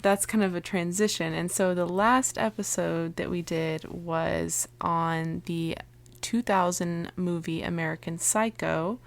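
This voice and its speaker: Young woman cohost, bit low voice, chatty, lots of ums and giggles. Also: steady tone, unhurried, vocal fry, few pauses. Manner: chatty, laughs often, hesitant fillers. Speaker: podcast co-host. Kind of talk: casual podcast chat.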